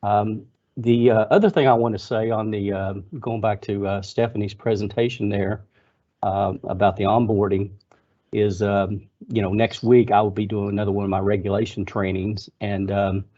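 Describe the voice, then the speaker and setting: An older man with a Kentucky drawl talks slowly through a meeting update, pausing on fillers. His voice is low and mellow. The sound is dull and lo-fi, like a webinar call. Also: level tone. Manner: halting, many fillers. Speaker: HR board member. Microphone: video call.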